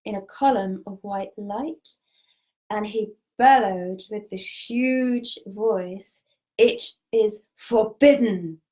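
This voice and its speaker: A woman speaks as a spiritual teacher in a calm, measured, earnest way. Her pitch sits in an ordinary middle range for a woman. She tells personal stories and gives gentle guidance. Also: low-quality recording. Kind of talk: spiritual storytelling talk.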